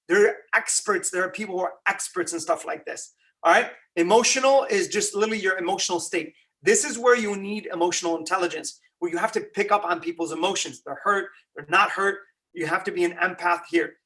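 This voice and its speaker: A man giving a conversational religious lecture, animated and quizzing his listeners with rhetorical questions. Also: high voice, recorded from a distance. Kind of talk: Ramadan lecture.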